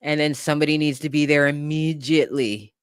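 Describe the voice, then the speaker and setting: A livestream host telling a story in a casual, lively way, swearing and laughing along the way. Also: mid-range voice, fairly quick, clean tone, no room sound, studio quality.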